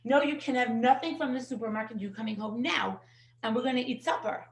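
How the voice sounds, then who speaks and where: A woman teaching a parenting class in a casual, animated storytelling way, acting out what people said and dropping in Yiddish words. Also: fairly high pitch, brisk. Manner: animated storyteller who acts out quotes and sprinkles in Yiddish words. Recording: echoey room.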